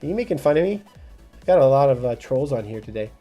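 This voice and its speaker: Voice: medium pitch, very animated, quick pace, warm tone, muffled recording, soft background music. A realtor from Montreal, Canada, answering viewers' comments on a phone livestream in a direct, casual, motivational way. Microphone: phone mic.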